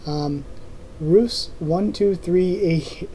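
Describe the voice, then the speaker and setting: Very dark-voiced rambling vlog host. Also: mid-range voice, drawn-out words, a little hiss or hum, rough recording. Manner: rambling, full of ums and restarts. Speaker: YouTube channel host. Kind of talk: casual chat answering viewer comments.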